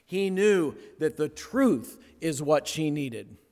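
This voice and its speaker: A male pastor delivers a sermon in a slightly high voice, taking his time with long, deliberate pauses. He sinks to a near hush on key words and builds back up. A long reverb trails each phrase, as in a large church hall. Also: very animated.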